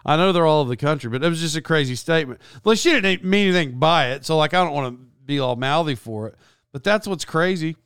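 Rambling high-voiced man, close and dry. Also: quick pace, clear, resonant tone, no room sound. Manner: rambling, animated, with many restarts and side notes. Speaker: YouTuber. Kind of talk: casual storytelling vlog.

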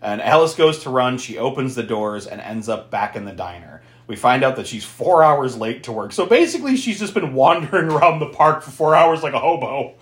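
A man recaps a film for his podcast co-host with lots of energy, swearing and laughing as he goes. His pitch jumps around a lot, and he sounds like he is in a room with some echo. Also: sing-song, brisk, hardly any pauses. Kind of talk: casual movie recap.

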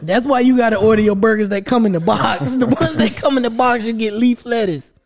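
A man's voice: extremely high pitch, a little fast, music in the background. A man co-hosting a podcast, joking and teasing in casual banter, often laughing. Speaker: podcast co-host.

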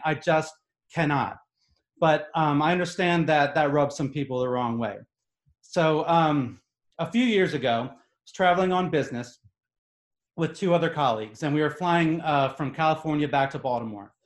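An animated, exasperated man spins a comic story for a live audience. His voice sits a little high for a man and leans hard on his points. The room adds a clear echo. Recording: echoey room.

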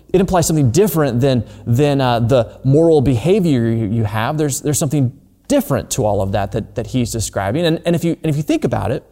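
A man's voice: medium pitch, dark tone, long reverb tail. A man preaching a sermon in a conversational way, often repeating words as he works through his point. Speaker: pastor.

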